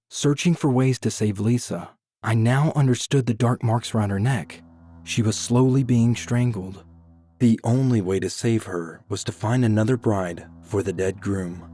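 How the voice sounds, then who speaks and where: A man tells a scripted first-person horror story in an even, somber manner. His voice sits low and mellow at a middling pitch, with quiet music playing softly beneath the narration.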